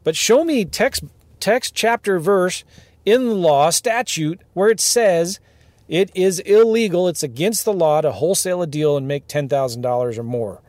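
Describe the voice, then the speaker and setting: Animated man ranting in a car. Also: high voice, normal speed, dry recording. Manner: animated, firing rhetorical questions. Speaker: podcast host, real estate investing coach. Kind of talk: ranting monologue.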